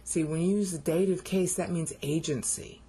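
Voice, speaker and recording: A woman on her video channel casually explaining word meanings, often pausing to check in with the viewer. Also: lowish voice, fairly even intonation, mellow, husky. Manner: explanatory, keeps checking in with "okay?". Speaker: YouTuber explaining Bible Greek. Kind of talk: casual teaching monologue.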